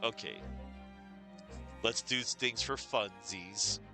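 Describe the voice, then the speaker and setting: A man streaming a video game, making relaxed, playful asides, with game music behind. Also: lowish voice, takes it slowly. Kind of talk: casual game commentary.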